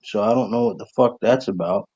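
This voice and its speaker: A man's voice: on the low side, a little fast, darkish tone, breathy edge, dull audio. A man chatting casually on a call in a laid-back, swearing way. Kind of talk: casual chat.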